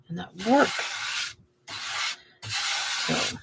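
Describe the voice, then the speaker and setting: A woman's voice: low-pitched, slow pace, vocal fry, background noise. A woman hosting a craft video, chatting and muttering to herself while she paints. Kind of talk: casual talk while painting.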